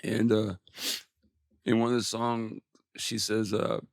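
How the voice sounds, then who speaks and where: A man's voice: fairly low pitch, little pitch movement, slow pace, creaky, dry recording, studio quality. A man in his forties, a musician guest on an interview podcast, telling a personal story candidly and emotionally, with some swearing.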